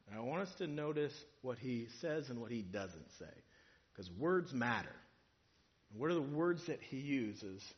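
Over a muffled recording, a man of medium pitch delivers a church sermon. His manner starts conversational and rises to emphatic points, with imagined speakers acted out as he goes.

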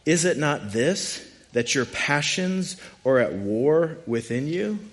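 A man preaching a sermon in a conversational, animated way, with frequent asides. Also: on the high side, slow. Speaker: pastor.

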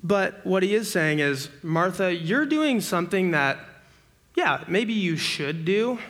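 Bright-voiced young man preaching conversationally. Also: on the high side. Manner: conversational, asks the audience rhetorical questions; acts out everyday scenes with sudden bursts of excitement. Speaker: campus ministry preacher. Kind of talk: sermon.

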